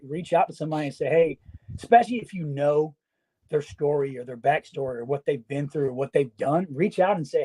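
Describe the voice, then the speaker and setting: Mellow-voiced man giving direct advice. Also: fairly high pitch, slightly rough. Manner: direct and coaching, with frequent swearing and "right?" tags. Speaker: podcast co-host, veteran. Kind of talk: casual podcast talk.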